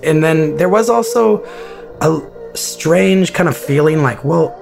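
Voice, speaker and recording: A man being interviewed, recounting a personal story in a halting, reflective way with many restarts. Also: on the high side, expressive, vocal fry, music in the background.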